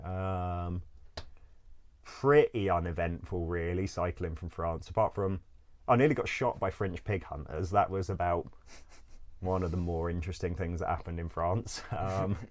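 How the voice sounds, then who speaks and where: A man's voice: sits low, moderate pace. A man telling travel stories in a casual interview. He rambles, fills his speech with "like", swears freely and laughs often. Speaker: interview guest. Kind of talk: casual storytelling.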